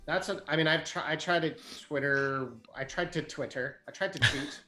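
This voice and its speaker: A man's voice: fairly high pitch, normal speed, bright, forceful tone, faint music behind. Wry, self-deprecating male panelist. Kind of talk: casual chat.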